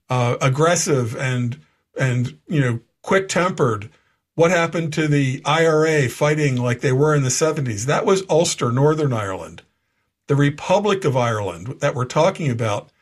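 A man hosting a talk radio show, delivering a long monologue with frequent restarts and fillers. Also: fairly high pitch. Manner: rambling, with many restarts and fillers. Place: Florida.

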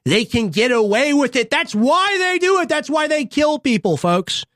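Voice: big pitch swings, moderate pace, dry recording. Young host ranting fervently, dry studio. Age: young adult. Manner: fervent, preachy, repetitive rallying lines; big swings in pitch and loudness. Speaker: show host. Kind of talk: impassioned political monologue.

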